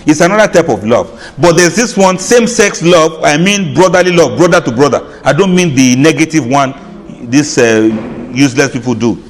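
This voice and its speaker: A man giving an informal religious lecture, chatty and often laughing, playing out reactions with soft drawn-out sighs. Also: on the high side, expressive, big-room sound. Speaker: Islamic lecturer. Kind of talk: informal sermon.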